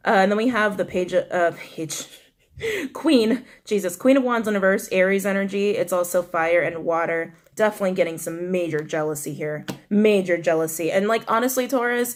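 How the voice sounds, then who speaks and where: A young woman giving a casual tarot reading, animated and blunt, swearing and talking straight to her viewers. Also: on the low side. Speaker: tarot reader.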